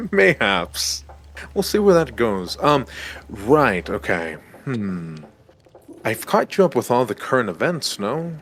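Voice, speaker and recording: A man playing a calm, blindfolded roleplay character who asks questions in a slow, thoughtful way. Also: mid-range voice, slight background noise. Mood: curious.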